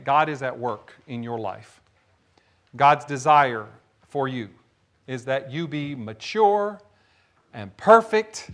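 A man preaching a sermon as pastor, telling a story with animated shouts. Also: fairly high pitch.

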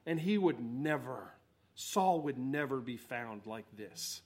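A man preaching a sermon, swinging between loud exhortation and quiet asides. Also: mid-range voice, expressive, slow pace, slightly rough. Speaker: pastor.

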